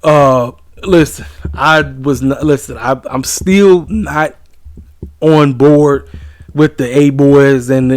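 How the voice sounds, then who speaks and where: A man's voice: medium pitch, dry recording. A man hosting his own wrestling review channel, ranting in a blunt, emphatic, casual way.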